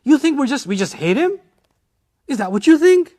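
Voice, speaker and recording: A man's voice: extremely high pitch, animated, moderate pace, a little mellow, pitched above the performer's own voice. A man voicing a group of indignant young brothers who guilt-trip their father with accusing, wounded questions.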